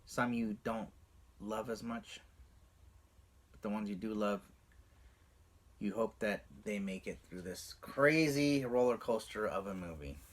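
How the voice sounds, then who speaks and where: A man's voice: measured pace, long pauses. A man vlogging casually to camera, recounting a childhood movie memory and acting out quotes with big jumps in his voice. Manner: animated, acts out quotes with big pitch jumps.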